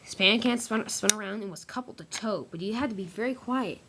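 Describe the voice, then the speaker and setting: A woman's voice: medium pitch, a little fast, heavy background noise. A woman narrating a homemade toy-train story in a casual way, with small slips and restarts.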